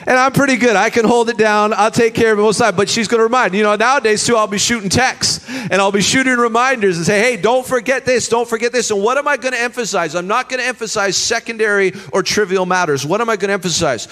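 A high-pitched man in his thirties preaching with strong emphasis, calling the congregation to repeat his words. His voice rings with the long reverb of a church hall. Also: fast talker, pushed and bright. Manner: emphatic preaching with call-and-response. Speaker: pastor. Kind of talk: sermon.

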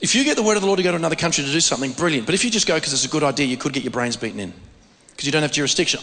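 Male preacher, storytelling sermon, slightly higher voice, long hall reverb. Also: rapid-fire. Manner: animated storytelling with frequent restarts.

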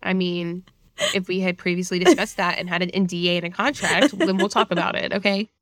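A woman co-hosting a casual chat about a movie, frank and expressive, swearing freely. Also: on the low side, fairly quick, no room sound. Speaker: podcast co-host.

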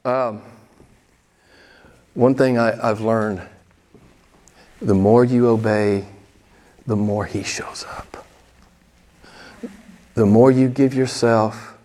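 A man's voice: on the low side, steady tone, extremely slow, long pauses, dark tone. A pastor in his sixties preaching a candid, conversational sermon and putting pointed questions to his congregation in a church. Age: 60s. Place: church sanctuary.

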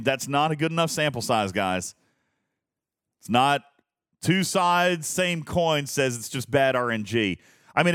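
A man's voice: mid-range voice, a bit bright, dry recording, clean studio sound. A man hosting a casual live stream, rambling, laughing often and reading chat messages aloud. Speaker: streamer host.

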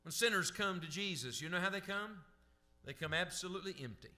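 Forceful, bright-voiced male preacher. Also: sits high, expressive. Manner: emphatic preaching with questions to the congregation; reads scripture aloud slowly and deliberately. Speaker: pastor. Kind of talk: sermon.

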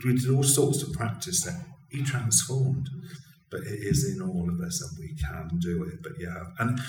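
A man, an educational consultant and storyteller, talking expressively and earnestly as an interview guest. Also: medium pitch. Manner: expressive, earnest, with frequent restarts. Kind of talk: conversational interview. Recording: roomy, distant mic with faint ambience.

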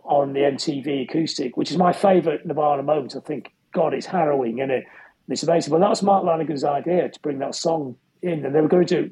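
A middle-aged musician and author, appearing as a guest in a casual storytelling interview, chats his way through rambling anecdotes full of restarts. His voice is warm and on the high side, and the audio quality is poor.

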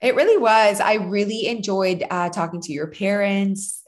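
Animated woman telling stories. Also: mid-range voice, normal speed. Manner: animated storyteller, acts out quotes, laughs often. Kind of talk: casual chat.

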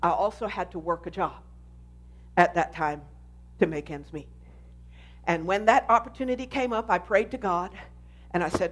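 A woman pastor giving an animated sermon testimony, telling her story with emphasis. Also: medium pitch, brisk.

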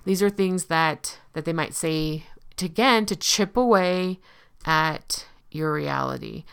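A woman's voice: low voice, takes it slowly, vocal fry, clear, resonant tone. A woman giving a casual explanatory talk, conversational and often checking in with the listener. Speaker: speaker on relationship abuse.

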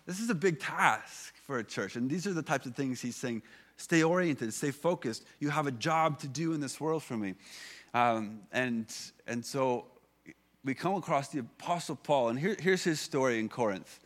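A man in his thirties preaches to his congregation in a relaxed, chatty way. He stops and restarts his sentences often and drops in filler words as he goes. His voice sits at an ordinary middle pitch. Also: normal speed. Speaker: pastor. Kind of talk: sermon.

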